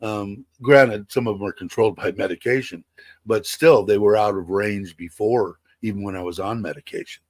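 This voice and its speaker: A man's voice: on the low side, normal speed, dry recording. A man in his sixties chatting casually on a livestream, rambling with many fillers and restarts. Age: 60s. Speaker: livestream host. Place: home in Thailand.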